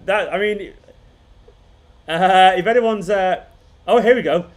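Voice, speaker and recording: With a high voice, a slow pace, and frequent pauses, a football fan channel host leads a casual live watchalong stream. He rambles, chuckles as he talks, and restarts sentences.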